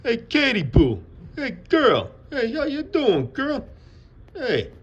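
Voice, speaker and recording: Man putting on a shrill New York-style greeter. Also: huge pitch swings, slow, breathy edge, dull audio, exaggerated voice. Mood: gushing. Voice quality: high, strained falsetto-like. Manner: sing-song greeting, overdone. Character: exaggerated New York-accented friend, high-pitched.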